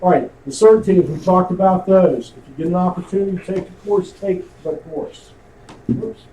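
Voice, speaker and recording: The speaker is an amateur radio instructor with a high-pitched, warm voice and a moderate pace. He runs a conversational radio communications class at a club meeting, questioning the room as he goes, in a recording that is roomy, distant, and faintly hissy.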